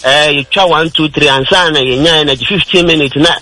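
A man's voice: a little high, fast, bright, forceful tone, poor audio. A Ghanaian man presenting a radio health talk, explaining step by step and mixing in English terms. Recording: radio broadcast.

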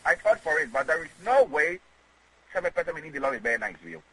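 Rambling man, husky voice. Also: on the high side, animated, sharp tone, no room sound, low-quality recording. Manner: rambling, halting, repeats words. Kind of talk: casual interview.

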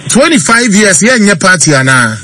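A man with a Ghanaian accent hosting a call-in birthday show on radio, talking lively and mixing Twi and English. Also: high voice, moderate pace. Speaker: radio host. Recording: noisy radio broadcast.

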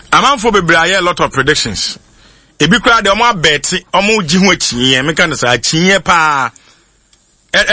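A man's voice: on the high side, bright, forceful tone, no room sound. A Ghanaian-accented man talking casually to his YouTube viewers, laughing often and mixing in English phrases. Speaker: YouTube commentator. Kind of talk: casual monologue.

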